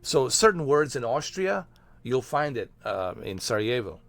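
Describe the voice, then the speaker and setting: A man's voice: mid-range voice, sing-song, moderate pace, a bit bright. Rambling man chatting on stream. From Bosnia. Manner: rambling, filler-heavy, profane. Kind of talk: casual stream chat.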